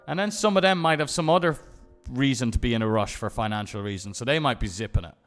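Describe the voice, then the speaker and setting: A man's voice: medium pitch, fast, soft background music. A young man live-streaming, telling rambling, profane stories in casual chat and often restarting his sentences.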